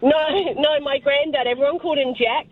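A woman's voice: high voice, fairly even intonation, a little fast. A woman caller telling a story on a radio phone-in, cheerful and a bit hesitant. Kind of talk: phone-in chat. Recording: tinny phone line.

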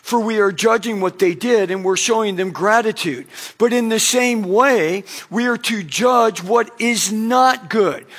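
Man, pastor, sermon, fairly high voice, chatty storytelling delivery. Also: a little slow, a bit bright. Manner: conversational preaching with acted-out anecdotes.

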